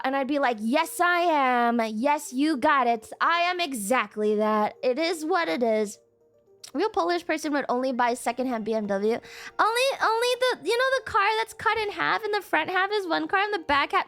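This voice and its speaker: A woman's voice: high voice, a bit bright. A young woman streamer chatting casually with her viewers, playful and laughing often. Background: music.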